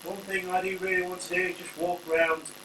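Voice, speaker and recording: Here a man with a high voice and little pitch movement hosts a wrestling review, speaking fairly quickly in a casual, rambling style full of jokey asides. It's recorded in an echoey room on a distant mic with a faint hum underneath.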